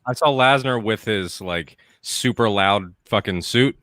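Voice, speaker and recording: A man's voice: lowish voice, measured pace, a bit bright, dry recording. A man joining a casual chat as a guest, talking eagerly and stumbling over words.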